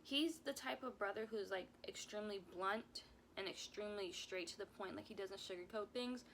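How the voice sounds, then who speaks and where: Young woman with a creaky voice. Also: medium pitch, normal speed, fairly bright tone, a little hiss or hum. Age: young adult. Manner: emotional, rambling, repeats herself. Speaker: vlogger. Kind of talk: casual story time.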